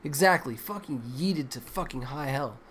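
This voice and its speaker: A man's voice: fairly high pitch, lively intonation, moderate pace, a bit bright, slight background noise. Crude, exasperated male streamer. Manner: crude, exasperated, rambling, swears constantly. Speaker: livestream host. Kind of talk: profane casual commentary on news clips.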